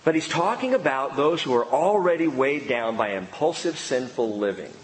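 Animated preacher man in a big hall. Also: medium pitch, moderate pace, slight background noise. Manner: animated preaching with playful asides. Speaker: pastor. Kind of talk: sermon.

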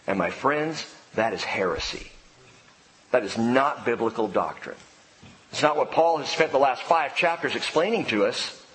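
A man preaching a sermon as a pastor, playful and animated, with sudden emphatic outbursts. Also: mid-range voice. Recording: reverberant hall with faint ambience.

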